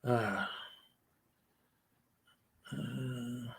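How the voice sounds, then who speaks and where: A man's voice: mid-range voice, extremely slow, gravelly, pauses often, fairly bright tone, slightly rough. A middle-aged man giving rambling, opinionated live-stream commentary, full of fillers and short laughs. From United States.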